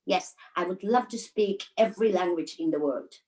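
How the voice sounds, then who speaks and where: A woman's voice: lowish voice, moderate pace, darkish tone, low-quality recording. Finnish woman telling stories, laughing. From Finland. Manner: storytelling with frequent laughs and hesitations. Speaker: guest, dancer. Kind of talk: casual interview chat.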